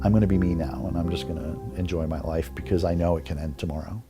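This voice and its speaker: A man with a very deep voice talks about his life in a documentary interview. He is calm, firm and measured. Music plays clearly behind him. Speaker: interviewee, military veteran.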